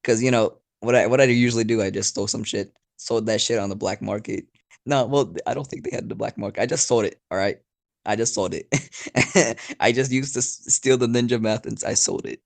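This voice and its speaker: A man's voice: fairly low pitch, fairly quick, gravelly. A man telling an improvised story in a rambling, profane, casual way, with frequent laughs. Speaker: storyteller YouTuber.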